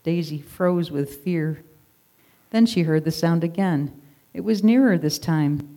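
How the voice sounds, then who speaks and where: Storyteller, children's story, expressive read-aloud narration. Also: medium pitch, a little slow.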